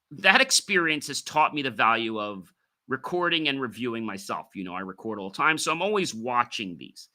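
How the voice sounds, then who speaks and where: Man, middle-aged, podcast host, very bright forceful tone, emphatic solo talk. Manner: animated, emphatic, with sudden pitch and volume jumps.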